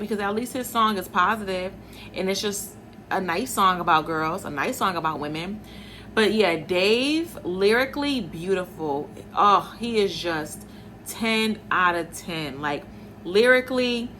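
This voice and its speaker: A woman's voice: mid-range voice, pushed and bright, a little hiss or hum. A young woman journalist hosting her own show, chatting to viewers in a casual, opinionated way and calling them y'all. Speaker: host and journalist.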